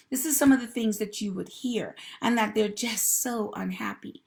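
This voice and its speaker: Female counselor-host, gravelly mid-pitched voice, encouraging, talks straight to viewers. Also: normal speed, hardly any pauses. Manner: encouraging, talks directly to viewers and greets commenters. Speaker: host and mental health professional. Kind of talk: live-streamed advice talk.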